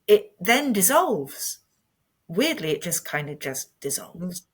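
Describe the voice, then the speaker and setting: A woman's voice: fairly low pitch, takes it slowly, husky. A woman in her fifties, a podcast guest telling a personal story in an earnest, candid way. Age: 50s. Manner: earnest and candid, animated when retelling.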